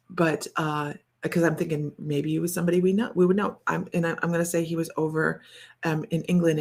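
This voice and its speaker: A woman's voice: sits low, creaky. A woman doing a casual psychic reading to camera, thinking aloud in a meandering, chatty way with many fillers and self-corrections. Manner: relays impressions in a wondering, chatty tone. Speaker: psychic reader.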